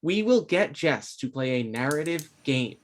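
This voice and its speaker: Player, measured explainer, mid pitch. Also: very animated, a crowd in the background. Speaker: tabletop game player. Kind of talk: casual chat.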